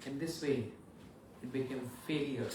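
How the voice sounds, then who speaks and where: A monk preacher telling a sacred story in a dramatic, animated sermon. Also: male voice, medium pitch, measured pace, far from the mic. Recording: echoey hall, voice from afar, faint noise.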